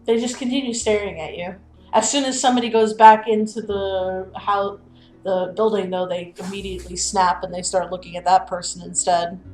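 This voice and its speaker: A woman narrating a tabletop game as game master, in a relaxed, easygoing way. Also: mid-range voice, normal speed, faint music behind. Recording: echoey room.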